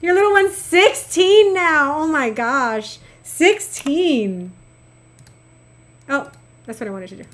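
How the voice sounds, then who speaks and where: This middle-aged woman takes it slowly, her voice sitting high, as she makes casual conversation with viewers over a game. She's chatty and animated, warm toward her chat.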